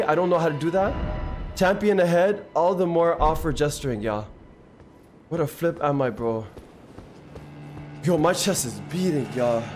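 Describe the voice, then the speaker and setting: Male streamer, casual slangy chat, excitable, fairly high voice, faint music behind. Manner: excitable, slangy, thanks viewers constantly. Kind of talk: casual live-stream chat while gaming.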